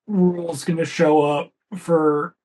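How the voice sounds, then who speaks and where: Chatty, fairly high-voiced man. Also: flat delivery, takes it slowly, over a noisy crowd. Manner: chatty, rambling, swears casually. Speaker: podcast co-host. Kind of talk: casual movie commentary.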